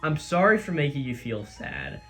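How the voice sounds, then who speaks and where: Brief: a brooding, revenge-driven teenage boy, quiet and low, read by a man in his own voice, with varied intonation. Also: huge pitch swings, moderate pace, soft background music, exaggerated voice. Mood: tender. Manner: low, quiet reading of quoted lines.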